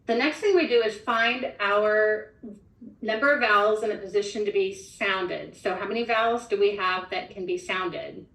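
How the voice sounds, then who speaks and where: A woman's voice: mid-range voice, moderate pace, fairly bright tone, distant mic. A woman trainer modeling a phonics lesson, explaining each step methodically. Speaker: literacy trainer. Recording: echoey room from off-mic.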